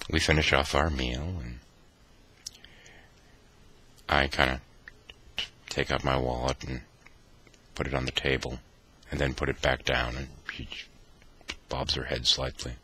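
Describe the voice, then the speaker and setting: A man vlogging, telling a wry personal anecdote in an animated, mock-dramatic way. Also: a bass voice, normal speed, pauses often, slightly rough. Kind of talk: anecdotal storytelling.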